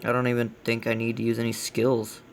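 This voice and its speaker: A man with a gravelly voice hosting a casual let's play, giving blunt, grumbling critique as he plays. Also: mid-range voice, completely flat delivery, brisk, slight background noise. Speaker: gaming channel host.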